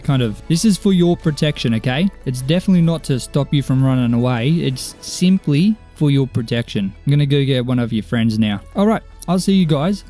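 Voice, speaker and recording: Young man, let's play commentary, chatty, mellow warm voice, faint music behind. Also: medium pitch, lively intonation, fairly quick, hardly any pauses. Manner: chatty, talks to game characters, mild self-mockery. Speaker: gaming YouTuber.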